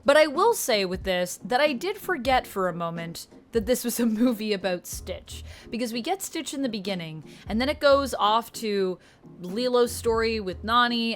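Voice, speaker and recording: A young woman reviewing a film in a casual, chatty way, with sudden animated rises in her voice. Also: mid-range voice.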